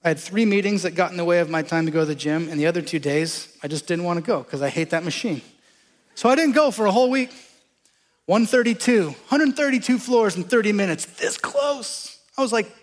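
A man's voice: sits high, animated, brisk, in a large hall. A man preaching a sermon in a conversational way, asking the congregation questions as he explains scripture. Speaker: pastor.

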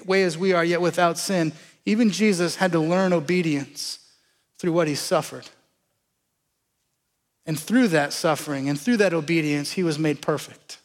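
High-voiced preacher in a reverberant hall. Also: male voice. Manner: conversational preaching, rhetorical questions to the congregation. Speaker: pastor. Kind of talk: sermon.

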